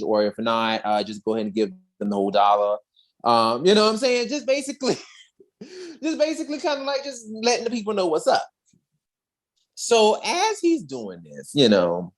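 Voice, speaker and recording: A young woman co-hosting a podcast, sassily retelling an episode and acting out the characters' lines in a slangy, expressive way. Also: extremely low pitch. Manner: sassy, expressive, slangy storyteller who jumps into character voices. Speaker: podcast co-host recapping an episode. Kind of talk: animated comedic recap with acted-out voices.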